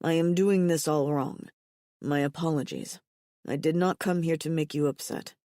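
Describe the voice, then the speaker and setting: Narrator doing a mild-mannered alien barbarian man, low and even, warm, dry read. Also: moderate pace, dry recording, lightly acted. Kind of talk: audiobook character voice.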